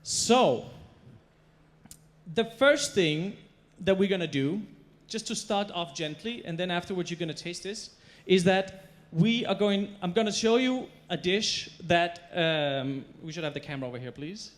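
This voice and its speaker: Higher-voiced man storytelling on stage. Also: lively intonation, measured pace. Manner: storytelling, emphatic, playful. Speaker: chef giving a stage talk. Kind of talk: stage presentation. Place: stage before a live audience.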